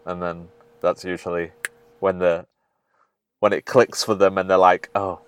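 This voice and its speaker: A British man with a fairly low voice talks casually on a podcast. He is a fitness coach who chats in a relaxed way and laughs easily. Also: unhurried, clear, resonant tone, no echo. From United Kingdom. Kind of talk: casual chat.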